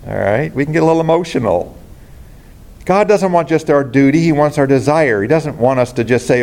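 A man preaches with earnest conviction, speaking straight to his congregation. His voice sits at an ordinary middle pitch. The delivery is that of a pastor giving a sermon. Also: lively intonation, brisk, darkish tone.

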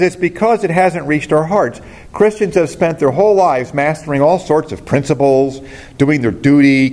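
A man's voice: on the high side, darkish tone. A man pastor preaching a sermon, earnest and preacherly, addressing the congregation directly.

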